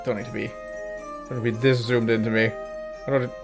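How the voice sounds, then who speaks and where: A man's voice: mid-range voice, level tone, a little fast, vocal fry, music in the background. Giggly male streamer chatting casually. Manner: chatty and giggly, often breaking into laughter. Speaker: VTuber streamer. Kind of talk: casual livestream chat.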